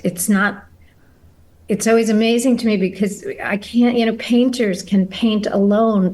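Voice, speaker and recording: A middle-aged woman, an actor and guest, speaking reflectively in an interview and pausing to search for her words. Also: medium pitch, a little mellow, poor audio.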